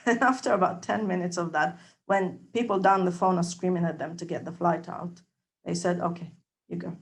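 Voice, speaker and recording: Animated woman telling a personal story. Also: lowish voice, moderate pace. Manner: animated, acts out dialogue, loudness swings between soft and emphatic. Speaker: trainee observer giving a testimonial.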